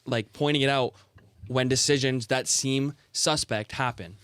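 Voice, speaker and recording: A man's voice: mid-range voice, steady tone, unhurried, fairly bright tone, clean tone, no echo. A young man co-hosting a football chat show, emphatic and gloating as he makes his point. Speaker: podcast co-host.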